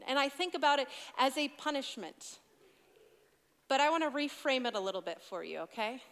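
A young woman in her twenties gives a sermon in a high, light voice. She talks like she is chatting with a room of teens, slipping in asides, and her words ring out with a long reverb from a big church hall. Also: normal speed, a bit bright. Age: 20s. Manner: conversational storytelling with asides to teens. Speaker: youth pastor.

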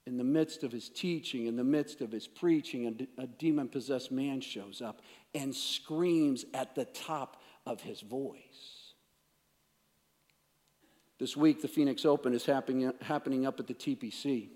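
A man preaching a sermon, emphatic, swinging between raised declarations and hushed, intense passages. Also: medium pitch, unhurried. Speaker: pastor. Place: church sanctuary. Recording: long reverb of a large hall.

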